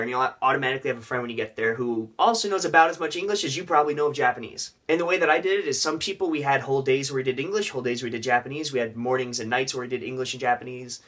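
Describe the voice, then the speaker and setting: A man's voice: medium pitch, fairly bright tone. A young man casually vlogging tips on learning a language, with joking, rambling asides.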